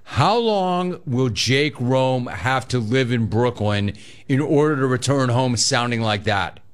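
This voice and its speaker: A man hosting a call-in radio show, telling a story with lively, joking delivery and acting out the voices in it. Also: medium pitch, slow pace, smooth.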